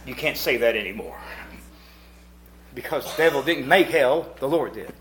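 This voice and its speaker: A middle-aged man preaching a sermon at a church meeting. He swings from hushed asides to shouted points. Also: mid-range voice, animated, moderate pace, slight background noise. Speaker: pastor.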